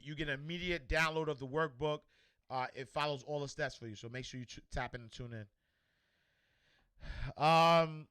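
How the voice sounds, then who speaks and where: Casual livestream host, male, bright and crisp, loose and repetitive delivery. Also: mid-range voice, no echo. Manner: loose, repeats words, shouts out viewers. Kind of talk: casual livestream chat reading comments.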